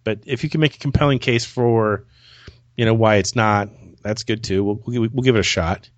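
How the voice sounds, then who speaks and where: A man's voice: fairly low pitch, fairly even intonation, moderate pace, no echo, highs cut off. A man hosting a casual podcast chat. He rambles and repeats words as he starts his sentences. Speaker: podcast host.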